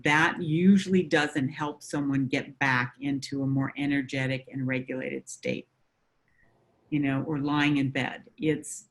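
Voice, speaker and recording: A woman counselor talking through coping ideas in a conversation. She explains in a measured way, with frequent fillers. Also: a bass voice. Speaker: mental health counselor.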